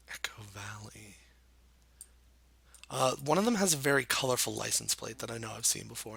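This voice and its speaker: A man casually commenting while playing a geography guessing game, thinking out loud with many hesitations and self-deprecating remarks. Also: medium pitch, creaky, dry recording. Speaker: gameplay commentator. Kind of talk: casual let's-play commentary.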